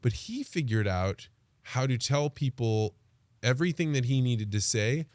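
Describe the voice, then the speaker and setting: A man's voice: medium pitch, animated, a little mellow, dry recording. Reflective male podcast host, dry close sound. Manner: reflective, halting, with frequent restarts. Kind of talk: casual interview chat.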